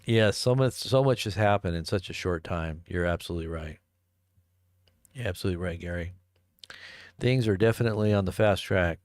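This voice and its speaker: A man's voice: sits low, fairly quick, long pauses, no echo, clean studio sound. A man hosting a live stream, rambling in a casual, joking way and chuckling as he answers chat. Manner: rambling, chuckling, jokey asides.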